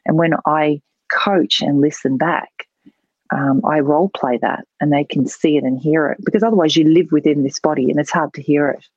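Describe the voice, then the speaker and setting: A woman's voice: sits low, fairly even intonation, normal speed, a little mellow, slightly rough, no echo. A woman, a public speaking trainer, explaining voice tone as a guest in a podcast interview. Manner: explanatory, demonstrating voice types. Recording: dull lo-fi dry sound.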